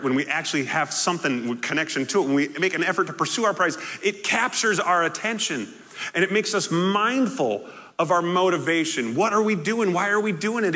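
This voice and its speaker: A middle-aged man preaching a sermon as a pastor, animated and joking as he tells stories from his family life. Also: a little high. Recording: echoey hall reverb.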